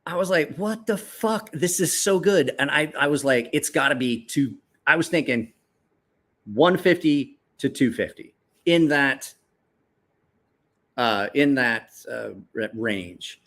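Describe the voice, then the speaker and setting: A man casually talking through his favorite gear as a knife reviewer, excitable and swearing freely, rambling with restarts and jumping up in pitch when he quotes his own reactions. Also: slow pace. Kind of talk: casual show-and-tell chat.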